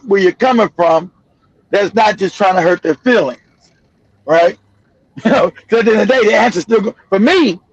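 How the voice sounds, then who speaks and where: A middle-aged man talks bluntly on a live stream. His voice sits high for a man and he keeps driving his point home with repeats. The sound is dry and a little muffled. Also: dry recording. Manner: blunt, emphatic, repeats himself, laughs often. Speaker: show host. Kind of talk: casual live-stream commentary.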